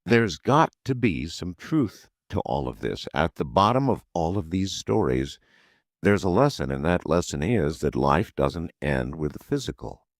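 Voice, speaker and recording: A late-night radio host with a very low voice that still rises and falls a lot. He muses aloud between calls in a reflective way. The studio sound is close and dry. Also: big pitch swings, unhurried, no room sound. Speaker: radio talk show host.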